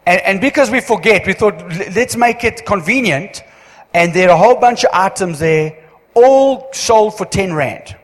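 A man giving church notices as pastor, chatty and joking, with halting restarts. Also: sits high, expressive. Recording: long hall reverb.

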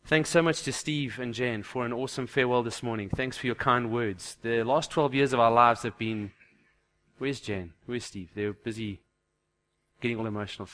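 A male pastor giving a sermon in church, lively and jokey, building up to emphatic declarations. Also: medium pitch, normal speed.

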